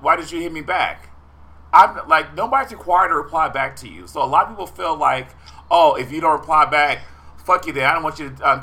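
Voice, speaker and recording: Thoughtful man with a bright, higher voice. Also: vocal fry. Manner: thoughtful, explaining with hesitant restarts. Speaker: podcast co-host. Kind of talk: casual chat.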